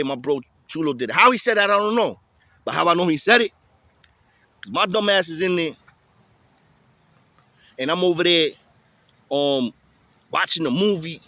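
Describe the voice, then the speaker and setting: A man telling a story in casual street slang, lively and chatty. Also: on the high side, dry recording. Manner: street slang, animated, tosses in "you feel me".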